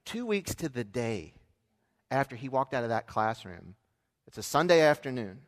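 A man in his thirties preaching a sermon, telling a family story in a conversational way that swings from hushed asides to loud emphasis. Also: mid-range voice, sing-song, normal speed, pauses often. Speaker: pastor. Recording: long hall reverb.

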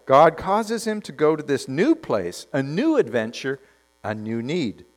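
A man preaching a sermon, telling a story with lively delivery and dropping to quiet emphasis. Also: on the high side, measured pace. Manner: animated storytelling, acts out characters, drops to quiet emphasis.

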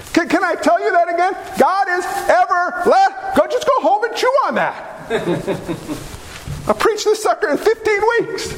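A man preaching a lively sermon, joking and asking the congregation questions. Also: very high voice. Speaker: pastor. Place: church hall. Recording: echoey hall with faint noise.

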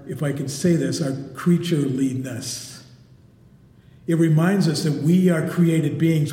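Man preaching in an echoey hall. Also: mid-range voice. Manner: emphatic preaching, dropping to a hush on key words. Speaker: pastor. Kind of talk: sermon. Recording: echoey hall with long reverb.

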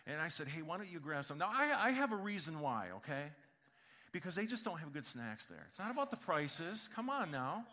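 Animated, bright-voiced preacher man. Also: fairly high pitch, moderate pace. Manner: animated storytelling with humor. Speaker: pastor. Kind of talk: sermon.

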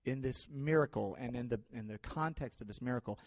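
A male pastor giving a sermon, telling stories in a conversational way with fillers, swinging between loud and quiet. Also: medium pitch, a little fast. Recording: long hall reverb.

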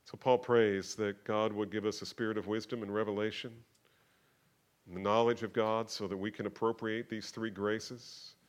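A man preaching a sermon to his church, moving from quiet, conversational talk to loud, emphatic passages. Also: lowish voice. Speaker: pastor. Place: church sanctuary.

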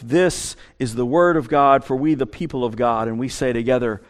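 A pastor giving a sermon and reading scripture. He is animated and repeats words as he speaks. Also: medium pitch, normal speed, few pauses.

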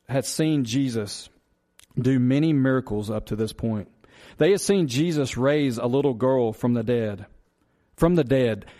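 A man's voice: medium pitch, warm tone. A man preaching a sermon, earnest and repetitive, asking the congregation rhetorical questions. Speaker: pastor.

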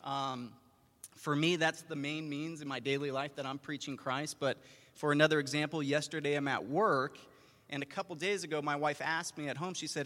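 A man's voice: fairly high pitch, steady tone, normal speed, a bit bright. A married man speaking earnestly, telling how he talks about his faith in daily life. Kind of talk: casual testimony. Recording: long hall reverb.

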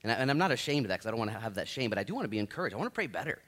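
Pastor guy in his 30s preaching, animated and self-mocking, pitch all over the place. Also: racing. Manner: animated, joking and self-deprecating, many restarts. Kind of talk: sermon.

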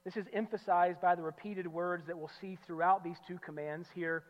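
A male pastor preaching an expository sermon, emphatic, repeating key phrases and swinging from loud declarations to low, quiet asides. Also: fairly even intonation, normal speed. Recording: muffled sound with long hall reverb.

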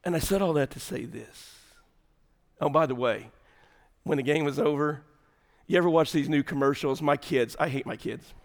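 A man, preaching an animated sermon full of comic stories, swinging from shouts to hushed lines. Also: on the high side, normal speed. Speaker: pastor.

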